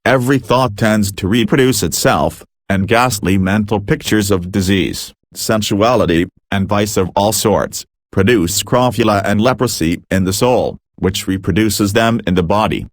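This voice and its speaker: A man reading a book aloud in measured, earnest scripted narration. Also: fairly low pitch, no echo, studio quality. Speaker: audiobook reader.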